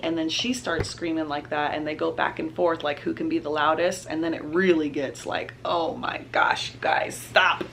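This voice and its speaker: Chatty young mom vlogger. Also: female voice, on the low side, fairly bright tone, slight background noise. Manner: chatty, says "y'all", laughs often. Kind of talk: casual chat to camera.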